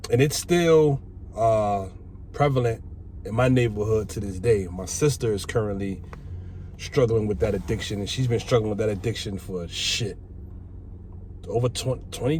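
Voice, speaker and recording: Middle-aged guy telling a wild story, cussing a lot, voice swinging up and down, bit of hiss in the back. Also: mid-range voice. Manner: animated, profane, acts out quoted voices. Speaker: vlogger telling his life story. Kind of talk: casual storytelling monologue. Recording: faint background noise.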